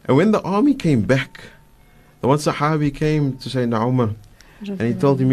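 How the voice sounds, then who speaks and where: This is radio religious talk: a male guest scholar, South African-accented, tells stories at a quick pace in a medium-pitched voice. Animated throughout, he performs the quoted lines and leans on frequent fillers, speaking from a radio studio.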